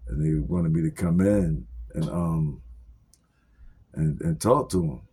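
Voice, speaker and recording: A young man tells a personal story in loose street slang, swearing freely and filling gaps with fillers. His voice sits low and dark. It carries a husky edge as he acts out each exchange. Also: slow.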